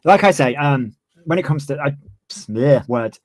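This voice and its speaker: A man's voice: medium pitch, animated, measured pace, no echo. A man in his twenties, ranting heatedly on a livestream and swearing freely. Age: 20s. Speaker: streamer. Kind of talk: livestream commentary.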